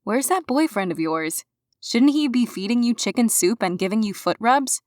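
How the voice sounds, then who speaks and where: A woman reading an audiobook, voicing a caring young witch who fusses over her friend, a little higher than her narration. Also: lively intonation, normal speed, dry recording, clean studio sound, close to an everyday voice. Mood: fussing. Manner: fussing, a little higher and brighter.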